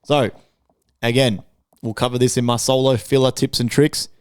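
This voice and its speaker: An Australian man talking loudly and swearing freely, with jokey banter, as a guest on a podcast. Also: mid-range voice, little pitch movement, moderate pace, clean tone, no room sound, studio quality. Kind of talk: casual podcast chat.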